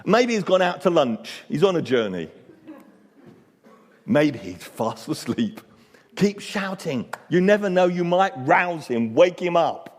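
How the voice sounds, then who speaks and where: A man doing a sarcastic prophet taunting his rivals, pitched up and teasing, the words ringing round a big reverberant hall. A playful, scornful jab in a storybook retelling. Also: big pitch swings, measured pace. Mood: mocking.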